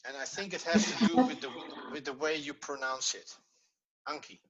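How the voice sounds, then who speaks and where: A man's voice: a little high, animated, moderate pace, a crowd in the background, rough recording. A man teaching a Hebrew lesson online, patiently explaining step by step and repeating points so they sink in. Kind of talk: online lesson, screen-sharing.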